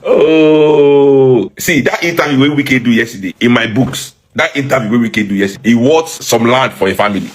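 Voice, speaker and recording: A man's voice: medium pitch, fast, few pauses, a bit bright. A man with a Nigerian accent giving mocking political commentary, mixing Pidgin and English and laughing at his own jokes.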